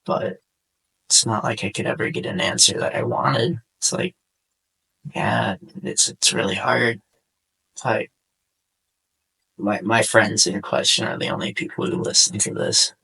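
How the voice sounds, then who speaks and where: Husky young man near tears. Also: lowish voice, sharp tone, rough recording. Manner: subdued, halting, heartfelt. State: sore throat, on the verge of tears. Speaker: podcast host. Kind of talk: casual personal monologue over gameplay.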